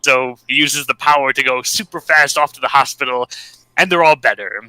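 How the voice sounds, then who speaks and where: Very bright, dry-voiced man recapping a comic. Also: medium pitch, normal speed, clear, resonant tone, dry recording, poor audio. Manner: laughs often, does quoted voices. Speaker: podcast co-host.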